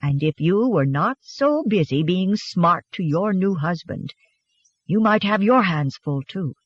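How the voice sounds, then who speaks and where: An affectionate farmer husband murmuring amused, hushed replies, as an audiobook narrator voices him. The voice moves lively through its range, close and dry in a slightly dull recording. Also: mid-range voice, a little slow, slightly rough, no room sound.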